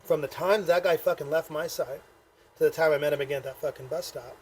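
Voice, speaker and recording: A man co-hosting a podcast and telling a story with animated, profane energy, breaking into laughter as he goes. His voice sits fairly high, and there is a faint hiss of noise behind it. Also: fast talker. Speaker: podcast co-host. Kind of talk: casual storytelling chat.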